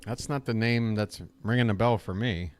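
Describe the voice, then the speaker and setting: A man's voice: on the low side, moderate pace. A man doing casual live-stream baseball commentary, rambling and crude, talking to himself between plays.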